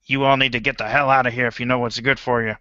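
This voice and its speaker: A man playing a gruff, cursing work boss. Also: medium pitch, flat delivery, fast talker, pushed and bright, dry recording, dull audio, close to an everyday voice. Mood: hostile. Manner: angry, cursing. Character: gruff hostile male work boss Stanton.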